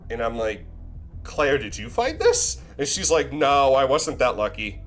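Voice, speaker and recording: A man's voice: medium pitch, big pitch swings, unhurried, a bit bright, faint music behind. A young man streaming, telling a rambling, profane, self-deprecating story in a casual way into a desk mic.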